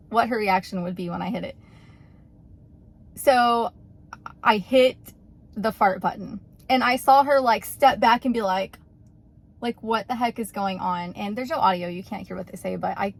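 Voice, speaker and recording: A chatty woman vlogger recounts a story in a loose, rambling way, peppering her talk with fillers. Her voice sits at an ordinary middle pitch and she sounds amused throughout. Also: creaky. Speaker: YouTuber. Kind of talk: casual storytelling vlog.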